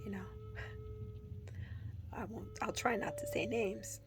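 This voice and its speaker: A woman talking casually to her viewers, rambling with many pauses and filler words, dropping into soft whispers now and then. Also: mid-range voice, fairly even intonation, music in the background. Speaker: vlogger. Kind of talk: casual talk to camera.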